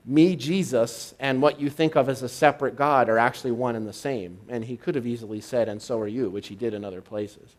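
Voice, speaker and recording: A man's voice: mid-range voice, rough recording. Reflective male minister giving a sermon. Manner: teaching, reflective, unhurried. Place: spiritual center congregation, live.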